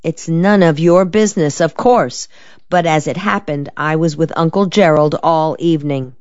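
A woman's voice: sits low, moderate pace, a little mellow, dry recording, muffled recording, natural voice. A woman voicing a teasing, evasive young woman. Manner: mocking, drawling.

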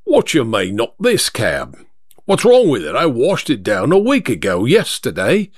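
A man's voice: medium pitch, huge pitch swings, a little slow, no echo, clean studio sound. A man voicing a touchy cab driver in an affronted, grumbling manner.

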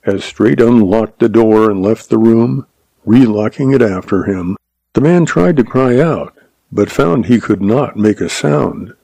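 A man narrates a Western story in a steady, measured way, his voice low and gravelly. The tone is dark and mellow, and the recording is dry and close. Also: no room sound. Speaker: audiobook narrator.

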